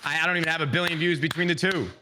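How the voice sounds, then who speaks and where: Enthusiastic, rambling podcast host. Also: male voice, on the high side, fairly even intonation, very fast, background noise. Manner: enthusiastic, rambling, swears freely. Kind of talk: casual podcast chat.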